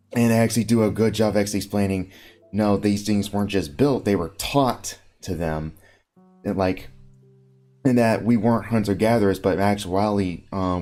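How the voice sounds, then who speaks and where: A man with a very low voice rambles through a casual podcast chat, piling up fillers and restarting his sentences. Faint music plays behind him. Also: a little mellow. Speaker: podcast host.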